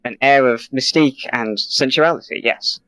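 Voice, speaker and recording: British man, mock-formal presenter, dry close sound, middle pitch, stop-start delivery. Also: normal speed, fairly bright tone, clean tone, no echo, low-quality recording. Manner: mock-formal, hesitant, with many ums and restarts. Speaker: presenter in a comedy sketch. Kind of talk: improvised comedic pitch.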